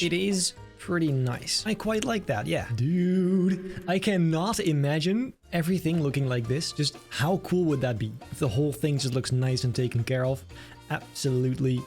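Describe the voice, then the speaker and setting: A man's voice: fairly high pitch, normal speed, darkish tone, faint music behind. A man giving casual, enthusiastic gameplay commentary, chatting and thinking aloud as he builds. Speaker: game video creator.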